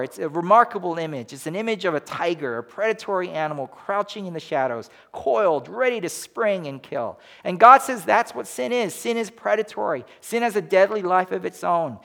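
A man's voice: high-pitched, creaky, fairly bright tone. A man preaching a sermon as pastor, emphatic and full of rhetorical questions.

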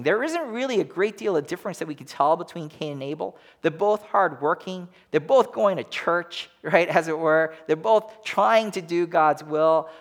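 A man preaching a sermon as pastor, emphatic and full of rhetorical questions. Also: a little high.

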